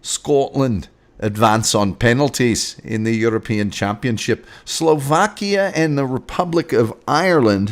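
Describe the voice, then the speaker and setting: A man's voice: mid-range voice, expressive, unhurried. A man hosting a casual sports show, rambling through scores with sarcastic asides. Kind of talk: casual sports commentary and rants.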